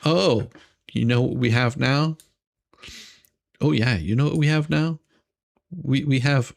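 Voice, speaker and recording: Gravelly guy ranting on his stream, mocking and rambling, keeps repeating lines. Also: mid-range voice. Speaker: livestream host reacting to court drama. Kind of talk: casual commentary.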